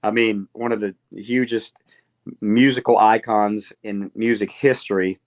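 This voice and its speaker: A man guest telling a lively story in a casual interview, acting out quoted lines. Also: lowish voice, unhurried. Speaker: guitarist guest.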